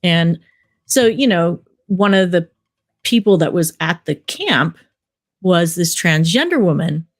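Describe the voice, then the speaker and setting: A woman's voice: fairly low pitch, expressive, slow pace. Rambling woman filmmaker telling stories. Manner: rambling storyteller, many fillers like "you know". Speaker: documentary film director. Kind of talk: casual interview talk.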